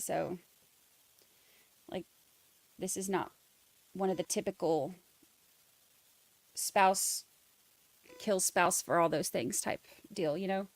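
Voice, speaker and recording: A woman's voice: medium pitch, creaky, dry recording. A young woman with a Southern US accent hosting a casual livestream, chatting loosely and reading viewer comments aloud. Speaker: livestream host.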